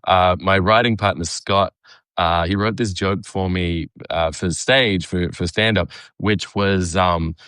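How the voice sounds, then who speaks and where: Australian cartoonist guest, very low voice, halting delivery, dry close recording. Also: male voice, fairly even intonation, a bit bright, clean tone, no echo. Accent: Australian, partly Americanized. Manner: halting, many fillers and restarts, laughs often. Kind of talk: casual conversation while drawing.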